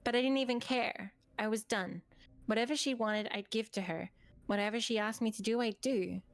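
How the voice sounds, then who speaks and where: A woman streamer reading a horror game's narration aloud in a steady, earnest storytelling way. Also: a little high, moderate pace.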